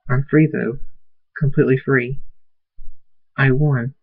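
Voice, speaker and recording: A man voicing a devoted stallion father in a soft, earnest everyday voice, on a dull lo-fi recording. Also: mid-range voice, level tone, slow pace, slightly rough. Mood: tender.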